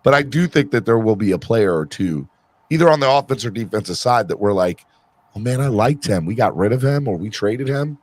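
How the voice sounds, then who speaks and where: A man's voice: on the low side, lively intonation, fairly quick, dry recording. A man hosting a casual sports podcast, talking emphatically and often restarting his sentences. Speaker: podcast host.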